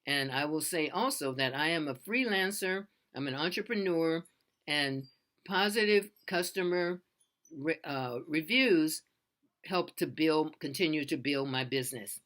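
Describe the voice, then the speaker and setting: Casting: bright, forceful-toned freelancer, rambling tutorial advice, earnest and unpolished. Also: medium pitch, animated, a little slow. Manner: earnest, loose and repetitive, with many restarts. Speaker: freelance voiceover artist. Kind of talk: casual how-to advice talk.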